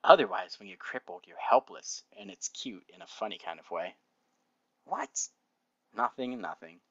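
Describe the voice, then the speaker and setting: A man's voice: low voice, animated, moderate pace, no echo, highs cut off. A man reading fan fiction aloud and breaking off into sarcastic, laughing asides.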